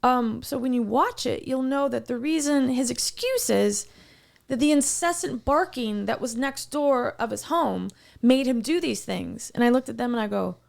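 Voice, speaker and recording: A young adult woman co-hosting a casual podcast and spinning stories, acting out each quoted exchange with lively energy. Her voice sits a little high and carries a gravelly, fry-heavy edge. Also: normal speed. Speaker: podcast co-host.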